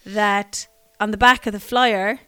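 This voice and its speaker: An Irish woman of forty co-hosting a podcast, wry and laughing in casual chat, dropping quiet when she quotes herself. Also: mid-range voice, steady tone, unhurried, clear, resonant tone. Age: 40s. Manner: wry, laughing, drops to a soft muttering voice when quoting herself. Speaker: podcast co-host.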